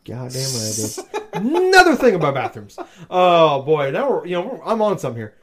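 A man's voice: high-pitched, huge pitch swings, a little fast, fairly bright tone. A man in casual chat, rambling and crude with lots of swearing, tired and a bit delirious from overwork.

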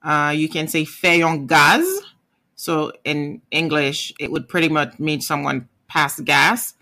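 Bright-voiced Haitian-accented language teacher. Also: medium pitch, level tone, slow. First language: Haitian Creole. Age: adult parent. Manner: patient, repeats words, checks in with "okay?" and "right?". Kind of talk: casual video lesson.

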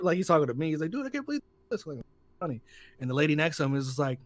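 A man co-hosting a casual podcast chat, telling stories and acting out quotes in loud put-on voices. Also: on the high side, expressive, fast, no room sound. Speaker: podcast co-host.

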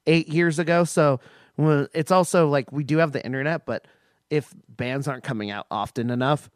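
A man in casual chat, speaking haltingly with many restarts and fillers. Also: on the high side, no room sound, studio quality.

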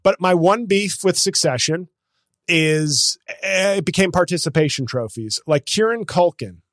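A man riffs on his podcast in loose comedic chat, profane and animated, jumping between opinions and silly voices. His voice sits fairly high, with a dry, close sound and no room around it. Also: a little slow, dry recording. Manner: animated, profane, jokes with bursts of mock voices.

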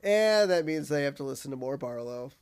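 A man's voice: mid-range voice, fast talker. A man co-hosting a podcast, recapping a cartoon episode in casual chat and acting out quotes. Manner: animated, acts out quotes in put-on voices. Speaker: podcast co-host.

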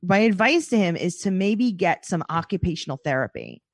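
A woman with a New York accent, an animated comedian telling stories in a casual podcast chat. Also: fairly low pitch, moderate pace, no room sound, clean studio sound. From New York City. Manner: animated storyteller, chatty.

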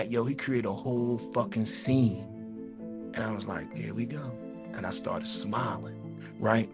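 A man tells a story on a casual podcast. He talks in an animated way, repeats his words and swears freely. A clear music bed plays under his voice. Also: mid-range voice, moderate pace. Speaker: podcast co-host.

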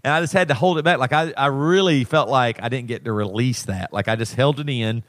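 A man's voice: medium pitch, fairly quick, fairly bright tone, dry recording, clean studio sound. A man in his thirties, a podcast co-host, telling a personal story in a rambling, emotional way with many restarts. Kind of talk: casual chat.

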